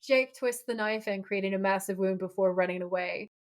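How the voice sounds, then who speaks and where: A woman co-hosts a casual podcast and retells scenes with gushing enthusiasm. Her voice sits at an ordinary middle pitch, and she shifts into acted quotes freely. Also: fairly even intonation, fairly quick. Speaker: podcast co-host.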